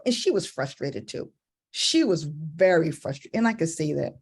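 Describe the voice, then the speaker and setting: A woman in a church women's group telling a personal story in a casual, animated way. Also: brisk, slightly rough. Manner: animated, acts out a child's voice in high pitch. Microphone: video call.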